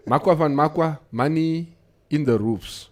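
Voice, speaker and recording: A man's voice: on the high side, takes it slowly, darkish tone, a little hiss or hum. A man hosting a morning radio show, reading out listener comments and laughing often on a studio mic. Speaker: radio host.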